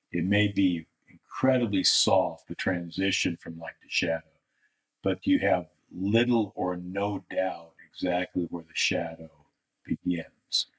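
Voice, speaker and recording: A man with a deep, low-pitched voice walks through a live art critique. He thinks aloud as he draws, restarting his sentences as he goes. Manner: thinking aloud, restarts, talks over drawing on screen. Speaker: art instructor.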